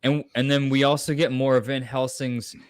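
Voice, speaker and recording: A man's voice: mid-range voice, flat delivery, moderate pace, smooth, no room sound, studio quality. A man hosting a casual movie chat, rambling with lots of fillers and restarts. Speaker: podcast host.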